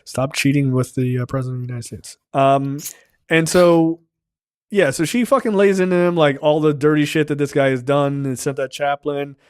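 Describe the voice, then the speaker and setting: A man's voice: on the high side, normal speed, clean tone, no room sound, clean studio sound. A man hosting a film review podcast, retelling scenes casually with lots of swearing. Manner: profane, animated scene-by-scene retelling. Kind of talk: casual chat.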